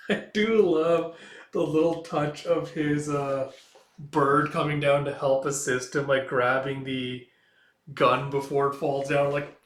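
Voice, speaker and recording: A man's voice: mid-range voice, fairly bright tone. A man hosting a casual comic read-through, talking loosely with many fillers. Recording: echoey room.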